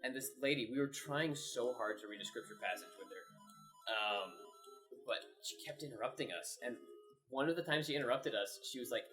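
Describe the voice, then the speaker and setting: A man's voice: medium pitch, expressive, a little fast, a bit bright, soft background music, rough recording. A young man chatting casually while gaming, telling a long story full of "like" fillers. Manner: rambling storyteller, lots of "like" fillers. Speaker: co-host.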